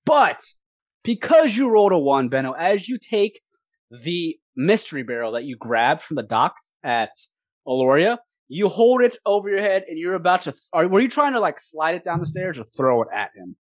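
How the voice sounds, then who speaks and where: Lively tabletop game master narrating. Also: mid-range voice, dry recording. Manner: lively, laughing narration with quick asides.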